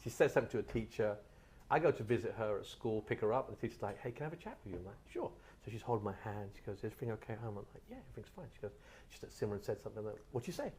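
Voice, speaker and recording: Middle-aged guy from england telling quick animated stories, voice jumps all over. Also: on the low side, a little hiss or hum. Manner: animated storyteller, quick and lively. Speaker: guest author. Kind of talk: casual chat.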